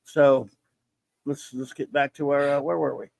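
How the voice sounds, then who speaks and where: A man's voice: mid-range voice, level tone, normal speed, vocal fry, darkish tone, no room sound. A man hosting a casual livestream podcast, talking in jokey, teasing showman patter. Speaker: podcast host.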